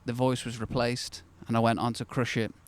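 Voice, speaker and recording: A man's voice: medium pitch, level tone, normal speed. A man in his thirties, the host of his own channel, telling a personal story to camera in a candid, conversational way that turns reflective and then bursts with enthusiasm.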